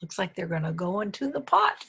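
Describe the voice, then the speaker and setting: Breathy woman reading a picture book. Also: mid-range voice. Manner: animated, pauses to point out pictures. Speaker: reader.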